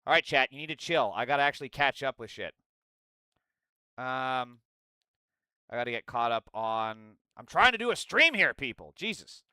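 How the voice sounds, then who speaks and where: A man's voice: medium pitch, expressive, normal speed, long pauses, bright, forceful tone, clean tone, no room sound. A young adult man streaming live, reading out his chat and ranting about politics in a sarcastic, crude way. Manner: mocking impressions in a goofy voice.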